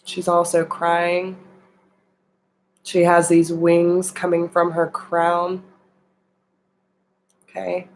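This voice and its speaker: A woman leads a spiritual tarot reading and speaks straight to her viewers. She takes her time over every phrase, and her voice sits a little low. Her delivery is earnest and openly emotional. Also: completely flat delivery, extremely slow, long pauses, slight background noise, low-quality recording. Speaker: tarot reader.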